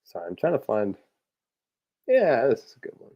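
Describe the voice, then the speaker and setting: A man's voice: medium pitch, huge pitch swings, normal speed, dull audio. A man chatting casually about his parody episode ideas, loose and rambling with lots of fillers, chuckling at his own jokes. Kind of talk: casual rambling talk to camera.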